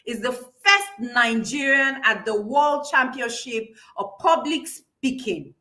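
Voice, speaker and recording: A bright, sharp-voiced woman coaching public speaking during a live-streamed class. She speaks slowly and deliberately with a fairly high voice, driving each point home by repeating it. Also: expressive, soft background music. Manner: emphatic, repeats key phrases, laughs between points.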